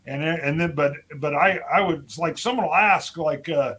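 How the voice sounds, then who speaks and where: A man co-hosting a whiskey talk show, telling animated stories and acting out quotes with lots of laughter. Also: on the high side, brisk, few pauses, a little hiss or hum. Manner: animated storyteller, acts out quotes, laughs often. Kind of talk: casual chat.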